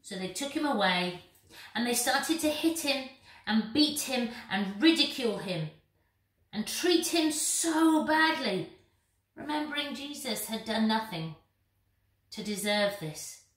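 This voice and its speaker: A woman from England telling a Bible story simply for a church video, with slow, dramatic pauses. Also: a little high, lively intonation, a bit bright. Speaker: church minister. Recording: roomy, distant mic.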